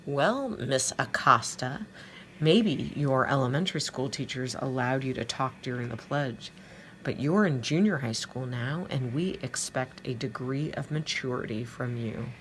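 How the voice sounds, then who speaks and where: A woman voicing a stern, brisk middle-aged female homeroom teacher in a storybook reading. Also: a bass voice, a little hiss or hum. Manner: brisk, commanding.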